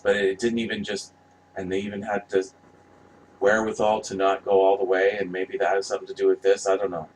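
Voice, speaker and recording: A vlogger reviewing movie posters gives casual, rambling commentary that is passionate and profane, often restarting his sentences. His low-pitched voice is brisk and flat, and the poor audio carries a little hiss or hum.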